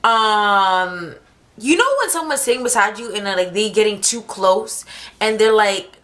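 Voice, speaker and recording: A young woman telling a story on her vlog in a lively, slangy, fast-talking way. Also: medium pitch. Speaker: vlogger.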